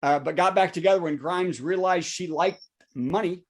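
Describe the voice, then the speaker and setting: A man, a comedian hosting a virtual show with a topical news monologue and quick asides to the audience. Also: high voice, a crowd in the background. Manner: joking asides, checks in with the audience. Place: home setup for a virtual show.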